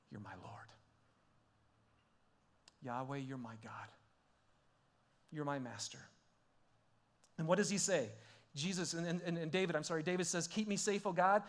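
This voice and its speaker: A man preaching a sermon, swinging between hushed, intimate questions and loud, excited exclamations, with frequent laughs and restarts. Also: medium pitch. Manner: repeats himself and restarts, laughing often. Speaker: pastor.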